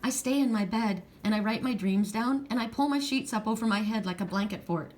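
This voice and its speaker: A woman's voice: on the high side, a little fast, darkish tone. A middle-aged woman giving a heartfelt, rambling pick-a-card reading, tearful at times. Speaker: tarot card reader.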